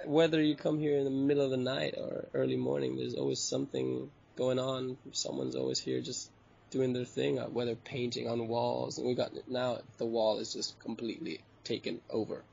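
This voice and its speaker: A relaxed man from Bali chats loosely as an interview guest, his voice gravelly and a little husky, chuckling between thoughts. The recording sounds dull and lo-fi. He wanders through his sentences with plenty of fillers. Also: medium pitch, normal speed. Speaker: hostel owner and interview guest. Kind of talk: casual chat interview.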